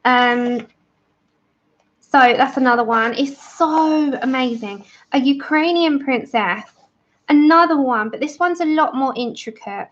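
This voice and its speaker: A woman's voice: sits high, unhurried, lo-fi sound. A woman hosting a colouring livestream, chatting enthusiastically and greeting viewers by name. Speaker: livestream host of a colouring channel. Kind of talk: casual livestream chat with viewers.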